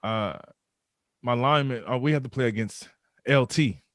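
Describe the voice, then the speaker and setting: A man's voice: mid-range voice, normal speed, fairly bright tone, no echo, clean studio sound. A man, a former football player, telling a story in a casual conversational interview, often repeating words as he builds up the tale. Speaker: podcast guest, former pro football player.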